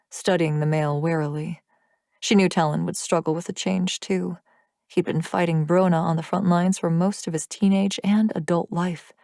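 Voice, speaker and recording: A woman narrating an audiobook, reading the story in a steady, even manner. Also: lowish voice, no room sound, studio quality.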